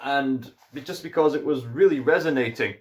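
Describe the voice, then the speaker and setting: Scottish man, casual film review, musing, hesitant, lots of fillers, mid-range pitch. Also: moderate pace.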